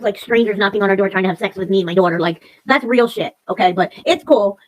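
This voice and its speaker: A woman's voice: medium pitch, fast, few pauses, a little mellow, poor audio. A woman in her forties hosting a livestream, ranting in a casual, rambling, profane way. She is upset and emotional, and she repeats herself. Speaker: livestream host.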